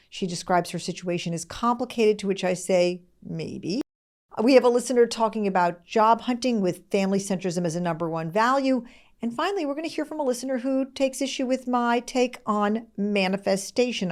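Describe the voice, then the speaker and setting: A middle-aged woman hosts a podcast in a quick, candid and expressive way. Her voice wavers, as if she is close to tears. She keeps a conversational podcast tone throughout. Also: medium pitch. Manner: fast-talking, candid and expressive. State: tearful, close to crying. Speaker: podcast host.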